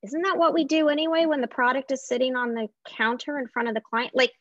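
A woman's voice: high voice, fairly even intonation, fast talker, few pauses, a bit bright, no echo. Woman entrepreneur guest, upbeat, lots of ums, dry muffled lo-fi sound. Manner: upbeat, filler-heavy with many "um"s and "like"s. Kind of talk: casual interview chat.

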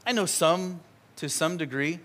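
Animated, conversational male preacher. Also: a little high, measured pace. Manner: animated, conversational, acts out scenes. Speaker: pastor. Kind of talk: sermon. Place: church sanctuary.

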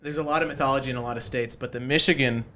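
A man's voice: mid-range voice, fairly even intonation, very fast, pushed and bright, slight background noise. Joking man hosting a podcast. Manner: joking, laughs often, many fillers. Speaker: podcast host. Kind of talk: casual podcast chat.

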